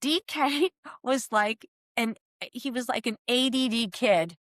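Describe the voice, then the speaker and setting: A woman in her sixties from the US East Coast, telling animated stories as a guest in a casual chat and laughing often. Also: on the high side, takes it slowly, dry recording, studio quality.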